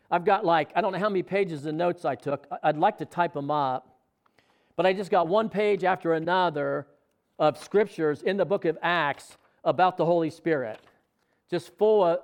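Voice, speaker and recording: Guy pastor with a high voice telling a church story all excited, acting out the dialogue. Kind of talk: sermon storytelling.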